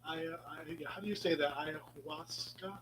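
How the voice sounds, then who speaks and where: A man's voice: a little high, quick pace, a little hiss or hum, rough recording. A man hosting a casual live chat with viewers, meandering and playful, with many ums and restarts, sometimes dropping to a whisper. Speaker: live stream host.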